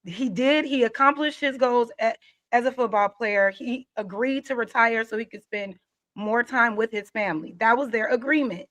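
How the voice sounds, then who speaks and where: Female panelist, fairly high voice, dry close sound, calm and methodical under pushback. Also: no room sound. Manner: measured, builds her point step by step. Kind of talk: heated panel debate.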